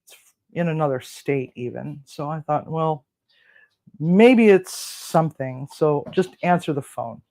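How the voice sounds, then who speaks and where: Casual storyteller, cooking host; mid pitch, chatty, acts out dialogue. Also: measured pace. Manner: chatty, relaxed, acts out both sides of phone calls; frequent fillers and restarts.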